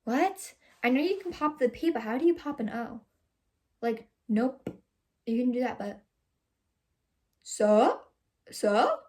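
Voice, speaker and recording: A young woman reading fan fiction aloud on a vlog, breaking off for sarcastic, animated asides and swearing. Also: on the high side, normal speed. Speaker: fanfiction reader vlogger.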